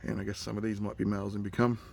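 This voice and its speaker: A man with an Australian accent, chattily narrating a casual nature vlog outdoors for his nephews, getting excited and hushing near animals. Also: on the low side, racing, creaky, slight background noise. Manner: chatty and enthusiastic, drops to a hush near animals. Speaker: uncle filming a nature video for his nephews. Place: outdoors in a rural yard with bush and birds.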